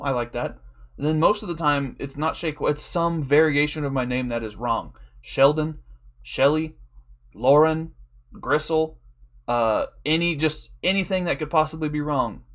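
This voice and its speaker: A man's voice: a little high, normal speed, a bit bright. A man telling a long, rambling story in a casual, profane way, laughing often as a draft league coach.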